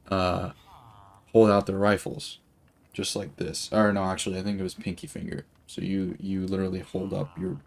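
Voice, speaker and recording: A man's voice: sits low, creaky, slight background noise. A young man telling a long story while he plays a game, rambling and swearing, with lots of filler words. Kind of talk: casual storytelling while gaming.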